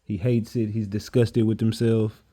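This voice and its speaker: A man's voice: fairly low pitch, level tone, normal speed, mellow. A man interviewing a guest, asking blunt, probing questions in a casual way.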